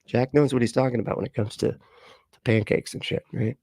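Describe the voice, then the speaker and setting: A man's voice: medium pitch, fairly even intonation, brisk, gravelly, warm tone, dry recording. A man in his late thirties hosting a casual livestream, rambling through chat comments with frequent laughs and casual swearing. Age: late 30s. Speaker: livestream host.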